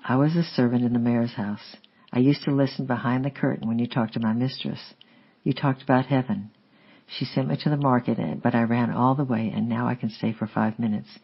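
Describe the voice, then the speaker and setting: A man's voice: mid-range voice, steady tone, brisk, gravelly, slightly rough. A man reading the lines of an eager, breathless teenage servant girl in an audiobook, slightly dull lo-fi recording. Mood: urgent.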